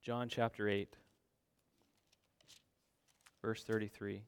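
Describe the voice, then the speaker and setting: A man's voice: fairly low pitch, flat delivery, takes it slowly, clear, resonant tone. A man preaching a sermon, emphatic and given to repeating his points. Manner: emphatic, repeats phrases for stress.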